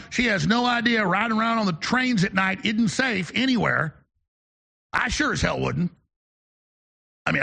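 Gravelly, emphatic talk show host man. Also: sits high, pushed and bright. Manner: emphatic, ranting, fast-talking. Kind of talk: opinionated talk radio monologue.

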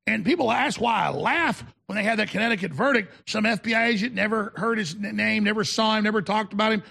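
A man with a gravelly, raspy voice pitched very high, hosting his show in a forceful, combative rant. He mocks and shouts in bursts and stammers through restarts when he gets worked up. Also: lively intonation, quick pace, few pauses. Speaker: talk show host. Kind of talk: ranting monologue to viewers.

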